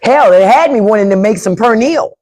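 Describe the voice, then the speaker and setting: A woman hosting a live stream, giving loud opinions in casual chat, swearing freely and repeating her points while answering the chat. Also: fairly high pitch, expressive, brisk. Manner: profane, opinionated. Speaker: podcast host on a live stream. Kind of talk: casual livestream commentary.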